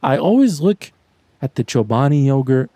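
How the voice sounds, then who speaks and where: A man talks through his photo walk in a loose, joking way, poking fun at himself and playfully daring his viewers. His voice is mellow and relaxed, and it sits close and dry with no room around it. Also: medium pitch, normal speed, no echo. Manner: rambling, self-mocking, playful mock-taunting. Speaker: street photography vlogger. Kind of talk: casual joking commentary.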